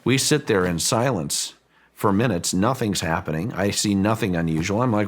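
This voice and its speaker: Deep-voiced man telling a story haltingly. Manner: halting, repeats words while thinking. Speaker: property owner telling a story. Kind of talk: recounted personal story, interview-style.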